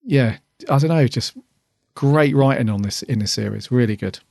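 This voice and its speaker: Male podcast co-host, casual and rambling, creaky mid-pitched voice, dry sound. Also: normal speed, a little mellow, no echo. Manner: chatty, rambling with many ums. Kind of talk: casual review chat.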